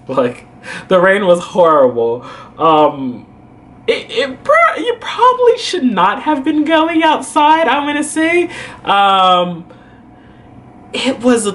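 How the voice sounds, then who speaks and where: Rambling young man with a higher voice. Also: fairly bright tone, slight background noise. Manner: rambling, full of "like" and "you know". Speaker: vlogger. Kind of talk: casual storytelling to camera.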